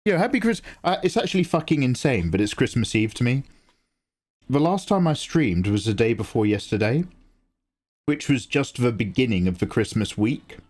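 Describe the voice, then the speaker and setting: A live-streaming artist talks to his viewers in a loose, excitable way, his pitch swinging up and down with a lively, bouncy melody. His voice sits at an ordinary middle height for a man, and he swears freely while reading out chat messages. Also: normal speed. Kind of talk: casual livestream chat.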